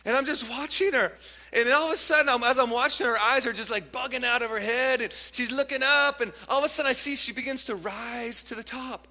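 A man in his thirties preaching a sermon, telling a personal story in an animated way and speaking straight to his audience. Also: extremely high pitch, fast talker. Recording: muffled, reverberant hall sound.

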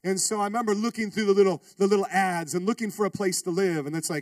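A man's voice: high-pitched, quick pace, hardly any pauses, dry recording, recorded from a distance. A man preaching a sermon as a pastor, telling a funny story and calling out to the congregation. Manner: animated, humorous, calls out to the congregation.

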